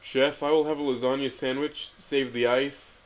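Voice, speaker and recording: A man voicing a bombastic, lasagna-obsessed cartoon cat hero who booms grand declarations. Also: level tone, normal speed, close to an everyday voice. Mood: smug.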